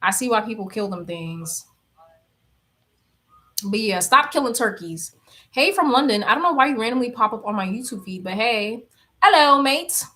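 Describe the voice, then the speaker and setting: A woman's voice: medium pitch, lively intonation, moderate pace, long pauses, sharp tone. Give me a chatty, blunt young woman talking casually to her chat. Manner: chatty, blunt, laughs often. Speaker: livestreamer reading chat.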